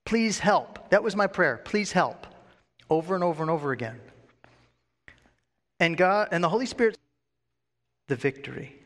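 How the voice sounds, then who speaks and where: Guy preaching his own story, kinda high voice, earnest, keeps asking the room questions, big echoey hall. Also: animated, moderate pace, long pauses, a bit bright. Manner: earnest, asks the congregation questions, acts out his own past thoughts. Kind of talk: sermon with personal testimony. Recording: long hall reverb.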